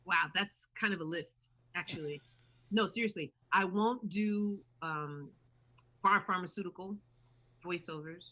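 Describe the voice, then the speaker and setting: A woman voice actor chatting as an interview guest, animated, who slips into character voices as she talks. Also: fairly low pitch, unhurried. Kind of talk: interview chat.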